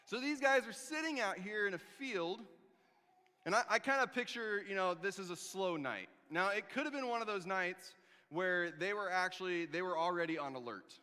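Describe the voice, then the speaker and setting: A man with a high, bright, ringing voice preaches in a church hall, where his words trail off in a long reverb. He tells the story with lively humor and wry, sarcastic asides. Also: moderate pace, smooth. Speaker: pastor. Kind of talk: sermon.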